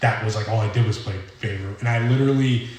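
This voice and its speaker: A young man with a Rhode Island accent giving an earnest, rambling personal testimony at a recovery meeting, halting often with fillers. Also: on the low side, steady tone, darkish tone, recorded from a distance. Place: meeting hall. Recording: roomy hall audio from off-mic.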